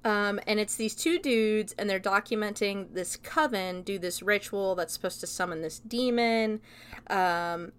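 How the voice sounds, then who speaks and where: Chatty young woman reviewing a film. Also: mid-range voice. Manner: loose, chatty retelling with frequent swearing and laughs. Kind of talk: casual spoken review.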